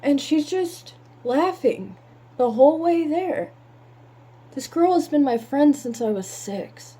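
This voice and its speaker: A woman telling a painful personal story in halting words, holding back tears. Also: high-pitched, animated, dark tone.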